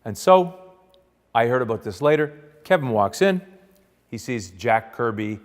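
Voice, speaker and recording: A man telling a rambling, boastful comic anecdote in a deadpan mock-documentary style, now and then bursting into loud quoted shouts. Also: mid-range voice, a little slow, in a large hall. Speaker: comic storyteller.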